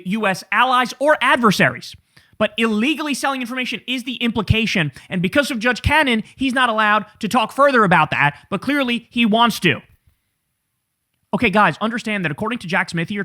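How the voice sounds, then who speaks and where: A man's voice: high-pitched, sharp tone. A man giving emphatic, indignant political commentary straight to his viewers.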